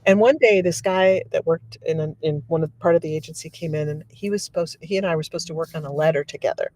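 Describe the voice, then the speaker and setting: Lively storytelling woman, low voice. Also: fast talker, slight background noise. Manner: animated, laughs often, acts out quotes. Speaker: podcast guest, remote viewer. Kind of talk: casual storytelling.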